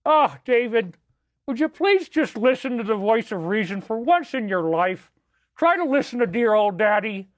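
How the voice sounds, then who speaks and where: Angry dad figure, done by a man, high-pitched, shouting, dry close recording, ranting at his son. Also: sing-song, normal speed, no echo. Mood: exasperated. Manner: ranting, yelling, mock-religious outrage. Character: furious middle-aged father scolding his son.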